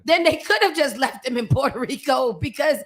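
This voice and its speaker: A woman co-hosts a morning radio show. She chats casually and reads news aloud, reacting loudly and laughing wryly between stories. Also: sits high, lively intonation, brisk. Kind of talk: casual chat and news reading.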